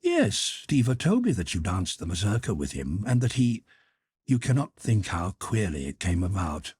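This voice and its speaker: An impulsive, tearful young noblewoman, put on by a male reader in a breathy voice lifted above his deep register. She pleads and rushes in an excitable, animated lilt. The sound is dry and close. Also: no echo, full character voice. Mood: excited. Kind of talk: audiobook character voice.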